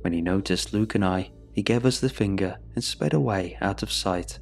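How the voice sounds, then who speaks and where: A man narrating a scripted horror story in a steady, measured way. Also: low-pitched, vocal fry, soft background music.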